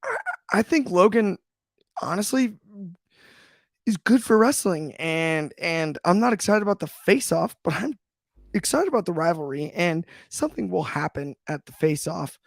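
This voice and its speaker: A man co-hosting a casual wrestling chat, enthusiastic and halting, often restarting his sentences. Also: high-pitched, lively intonation, gravelly, no echo, clean studio sound. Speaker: podcast co-host.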